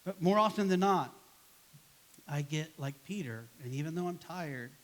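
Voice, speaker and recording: A man's voice: fairly high pitch, expressive, normal speed, fairly bright tone. A man preaching a sermon as pastor in a church, casual and conversational, acting out grumbling replies to make his points. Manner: conversational, acts out quoted voices with a sigh and grumble.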